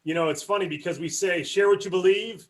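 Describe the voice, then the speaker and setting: A man's voice: sits high, fast talker. A man hosting a sales training call, encouraging and praising his teammates. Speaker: sales team leader running a training call.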